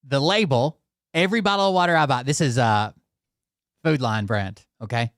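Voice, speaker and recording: A man's voice: mid-range voice, moderate pace, a bit bright, dry recording, studio quality. A male channel host ranting casually to his viewers, exasperated and swearing often as he talks straight to them. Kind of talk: casual profane rant to viewers.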